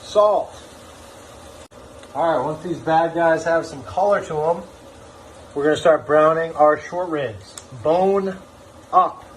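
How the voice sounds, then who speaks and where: A man's voice: on the high side, slow pace, pauses often, slight background noise, poor audio. A man casually talking through a recipe as he cooks in his home kitchen, in a chatty, joking way. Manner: chatty, jokey, upbeat. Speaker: home cooking vlogger. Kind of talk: casual cooking demo.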